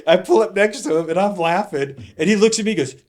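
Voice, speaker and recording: A middle-aged man from California, a retired police captain, telling animated stories as a podcast guest and laughing often. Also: high voice, quick pace. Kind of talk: casual storytelling.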